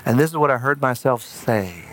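A man's voice: mid-range voice, lively intonation, moderate pace, fairly bright tone. A middle-aged man, a pastor, preaching a sermon with earnest storytelling that halts on fillers in personal stories.

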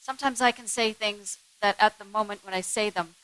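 A woman's voice: mid-range voice, brisk, a bit bright, low-quality recording. A woman co-presenting a talk on marriage with her husband, earnest and candid.

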